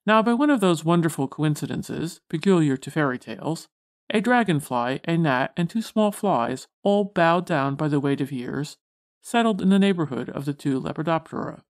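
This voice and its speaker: Lady reading an audiobook, calm measured pace, formal old-timey prose. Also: low-pitched. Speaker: audiobook narrator. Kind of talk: scripted narration.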